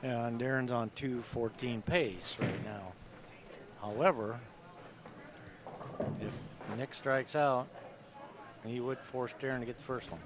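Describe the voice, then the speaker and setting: A man's voice: medium pitch, a crowd in the background. Agreeable male bowling commentator. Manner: agreeable, quick to chime in. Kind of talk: live sports commentary. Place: bowling center. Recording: noisy background.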